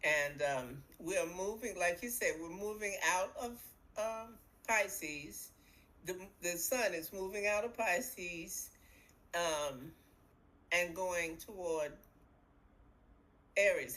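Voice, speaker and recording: A woman co-hosting a podcast as an astrologer, explaining in a lively, image-rich way over a video call. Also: mid-range voice, takes it slowly, poor audio. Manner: animated storyteller, uses vivid imagery. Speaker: astrologer co-host. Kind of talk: explanatory casual chat.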